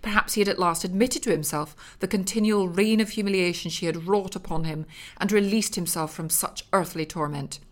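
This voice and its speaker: A woman with a fairly low voice narrates a crude comic story. Her delivery is dry and deadpan, even through the most absurd lines. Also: fairly quick, few pauses.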